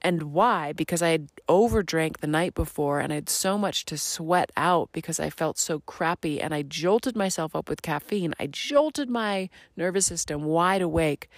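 In a dry recording, a deep-voiced woman hosts her own podcast, delivering a reflective solo monologue about purpose. She speaks earnestly, slowly and spiritually, now and then dropping into whispered phrases.

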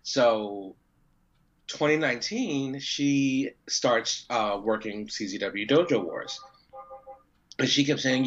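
A man's voice: medium pitch, takes it slowly. A man chats in an interview, telling his story with lots of life, throwing in curse words and playing out the voices of people he quotes. The sound is dull and lo-fi. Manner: animated, swears freely, acts out quotes. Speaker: professional wrestler guest. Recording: dull lo-fi audio.

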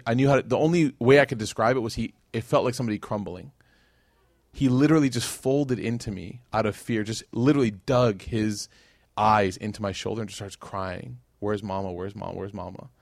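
A man, giving a religious lecture as a casual, animated storyteller who acts out quotes. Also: mid-range voice, a little fast, dry recording, studio quality.

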